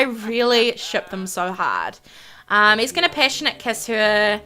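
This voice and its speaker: A woman's voice: medium pitch, a little slow, a little hiss or hum. A young woman giving casual, gushing let's-play commentary to her viewers. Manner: gushing, excitable, chatty to viewers. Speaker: gaming YouTuber.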